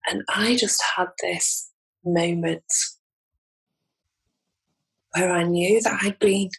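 A woman's voice: on the low side, steady tone, measured pace, creaky, fairly bright tone, husky, rough recording. A woman with an English accent, a podcast guest telling a personal story in a candid, heartfelt way. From England. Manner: candid, heartfelt, laughs between lines. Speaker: podcast guest, transformation coach.

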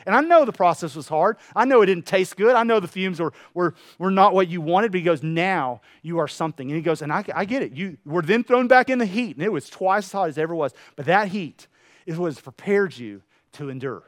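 A man preaching a sermon to a room, telling a parable with lively acted-out voices. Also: high-pitched, brisk, no echo, studio quality. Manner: animated storytelling, acting out voices. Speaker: pastor. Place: room with an audience.

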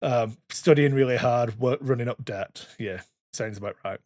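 A man in his thirties hosts a casual podcast chat. His voice sits mid-pitch and sounds dry and close to the mic. He tells stories in an animated way, swears a lot, and acts out the voices of the people in them. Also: moderate pace, no room sound. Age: 30s. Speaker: podcast host.

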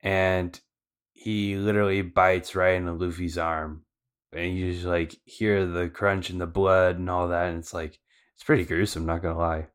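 A man's voice: sits low, little pitch movement, moderate pace, clean tone. A man co-hosting a podcast, recapping the story in a casual, slangy way with loose fillers. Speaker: podcast co-host.

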